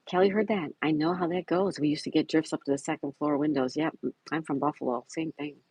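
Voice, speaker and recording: Man, livestream host, husky voice, dry close sound, reads chat and greets viewers. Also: on the high side, steady tone, fairly quick, darkish tone, no room sound, low-quality recording. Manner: reads viewer comments aloud and greets chatters by name. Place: home in Florida.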